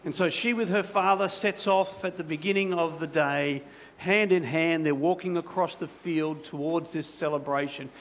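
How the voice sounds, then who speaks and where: A man's voice: on the high side, normal speed, hardly any pauses. A man preaching as a pastor, telling a story in a conversational sermon style with many asides to the congregation.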